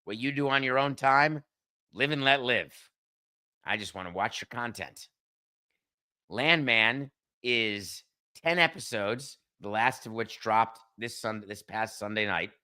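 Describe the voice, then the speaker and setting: Male podcast host, middle-aged, blunt solo commentary, bright and punchy tone. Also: mid-range voice, a little slow, smooth. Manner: blunt, sarcastic, talks straight to a producer. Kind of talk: opinionated solo sports and TV commentary.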